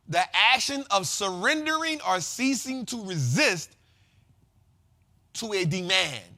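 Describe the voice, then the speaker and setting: A man hosting a casual investing show, explaining market terms in slangy, repetitive, animated talk. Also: high voice, gravelly. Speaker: host.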